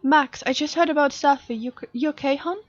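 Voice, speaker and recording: A caring woman checks in on a friend and decides to come over, as a woman reads her texts aloud. The voice sits fairly high and sounds dull and dry. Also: brisk, dry recording, natural voice. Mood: worried. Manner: reading text messages aloud.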